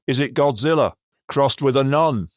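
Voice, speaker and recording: A man's voice: medium pitch, normal speed, dry recording, clean studio sound, lightly acted. A man doing a punk-poet impression. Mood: deadpan.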